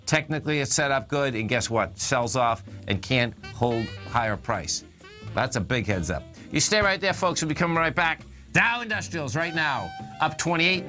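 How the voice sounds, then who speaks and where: A man's voice: a little high, sharp tone. A male talk radio host giving casual, rambling stock market commentary.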